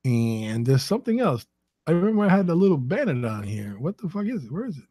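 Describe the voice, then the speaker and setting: A man's voice: fairly high pitch, big pitch swings, moderate pace, mellow, no room sound, clean studio sound. A middle-aged man, hosting his own podcast in casual, rambling, profane chat while he sets up a live stream. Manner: rambling and profane, muttering to himself. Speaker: podcast host.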